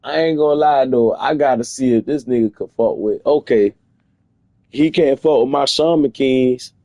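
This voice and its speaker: Gravelly-voiced man ranting in disbelief. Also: medium pitch, normal speed, mellow, no room sound. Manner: incredulous, profane, rambling rants. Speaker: streamer. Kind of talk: casual reaction commentary.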